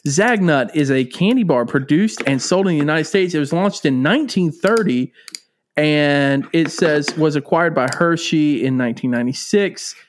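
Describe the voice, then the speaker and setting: Here a podcast co-host with a slightly high voice talks at normal speed over a little hiss or hum. His casual chat is animated and full of laughter as he shares fond stories.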